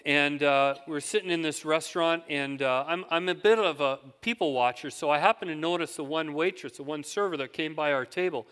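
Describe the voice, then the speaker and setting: Speaking briskly with hardly any pauses, a pastor in a hall with long reverb delivers a sermon. His fairly high, smooth, slightly bright voice carries conversational stories and questions put to his listeners.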